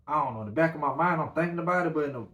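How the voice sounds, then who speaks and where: A man hosting a podcast, telling a story in a casual, animated way, full of fillers. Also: fairly high pitch, racing. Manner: animated, rambling with many fillers. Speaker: podcast host. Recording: roomy echo.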